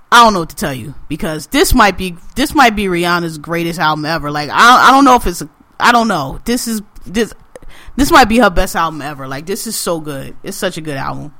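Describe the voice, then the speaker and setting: A man co-hosting a podcast, talking in an animated, profane, ranting way. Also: high voice, normal speed, no room sound. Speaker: podcast co-host. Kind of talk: casual podcast chat.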